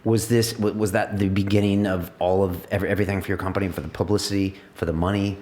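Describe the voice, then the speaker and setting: Fast-talking deep-voiced male interviewer. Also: level tone, darkish tone. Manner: conversational, probing. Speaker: interviewer host. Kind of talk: interview questions.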